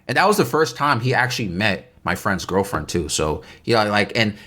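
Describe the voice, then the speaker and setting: A young man telling a casual story time vlog, animated and incredulous as he reenacts the night. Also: on the low side, normal speed.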